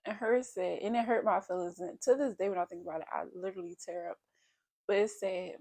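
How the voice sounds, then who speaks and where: A woman's voice: mid-range voice, fairly even intonation, brisk, a little mellow. A woman in her thirties, talking openly and reflectively about her feelings in a personal vlog. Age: 30s. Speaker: vlogger. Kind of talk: candid personal vlog talk.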